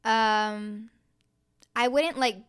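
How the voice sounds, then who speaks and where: A woman co-hosting a podcast in casual chat, telling stories in an animated way. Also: fairly high pitch, extremely slow, clean tone. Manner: animated storyteller, acts out quotes. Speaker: podcast co-host.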